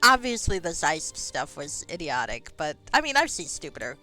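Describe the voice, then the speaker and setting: Chatty, bright-voiced woman streamer. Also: low-pitched, big pitch swings, moderate pace, soft background music. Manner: chatty, tangents, swears, laughs at herself; audible breathing into the mic. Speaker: streamer playing a game. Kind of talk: casual rambling chat. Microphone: close microphone.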